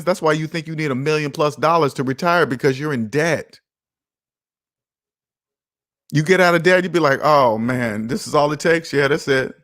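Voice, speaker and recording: A man's voice: a little high, a bit bright, no echo, clean studio sound. A man in his thirties hosting a personal finance show, talking casually and passionately, repeating his points like a preacher. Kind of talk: casual talk monologue.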